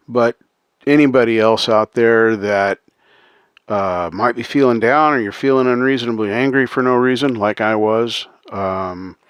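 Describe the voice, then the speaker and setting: A man's voice: on the low side, a bit bright, no echo, studio quality. A man hosting a casual livestream, talking earnestly to his chat with many ums and uhs and frequent chuckles. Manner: chuckles often, reads out chat names. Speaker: livestream host.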